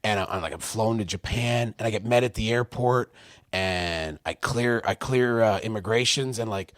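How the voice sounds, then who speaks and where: A man's voice: lowish voice, moderate pace, no echo, studio quality. A man from Canada in his forties, a guest telling stories on a casual podcast and acting out other people's lines in raised voices. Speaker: podcast guest, wrestling manager and producer. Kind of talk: casual storytelling interview.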